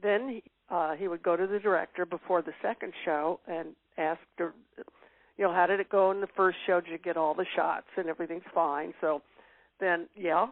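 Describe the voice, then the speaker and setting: A woman's voice: fairly low pitch, fairly even intonation, a little fast, no echo. An older woman chats as an interview guest, reminiscing at length with plenty of "uh"s and easy laughter. Her voice comes through a tinny, phone-like line, dry and close, with no room sound. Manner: reminiscing, warm laughs, many fillers. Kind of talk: casual interview chat.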